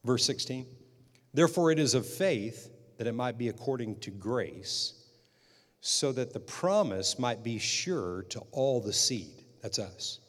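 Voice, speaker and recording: A male pastor delivers a sermon in a mid-pitched voice, hammering points home through repetition and swelling to loud emphasis. The sound carries a long reverb, as from a church sanctuary. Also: expressive, measured pace. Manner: preaching with emphatic repetition, rising loud at climaxes.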